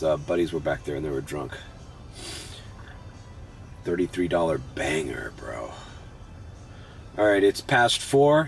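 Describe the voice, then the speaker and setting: A young man, congested and sniffly, chatting casually and swearing a lot while driving at night for a rideshare vlog. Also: low voice. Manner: laid-back, swears often, says bro. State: congested, runny nose. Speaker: rideshare driver vlogger. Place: inside a car at night. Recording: faint road and car noise.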